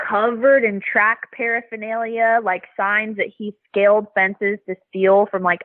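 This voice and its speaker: A woman's voice: medium pitch, no room sound. Bubbly young woman over a phone line. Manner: bubbly, laughs often, animated storytelling. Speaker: guest, Olympic pole vaulter.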